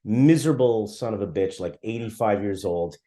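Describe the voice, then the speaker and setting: A man's voice: fairly low pitch, lively intonation, normal speed, warm tone. A man co-hosting a podcast in casual chat, blunt and teasing as he tells stories. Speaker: podcast co-host.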